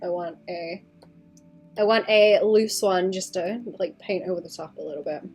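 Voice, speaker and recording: A woman's voice: on the low side, moderate pace, darkish tone, faint music behind. A woman artist on a casual livestream, rambling as she thinks aloud about her drawing and adding playful sound effects.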